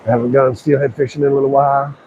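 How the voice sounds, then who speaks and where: A man's voice: medium pitch, racing, highs cut off, slight background noise. A man streaming live while fishing outdoors by a river, talking playfully to the fish as he reels it in. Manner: excited, playful, talks to the fish. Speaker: fishing livestreamer.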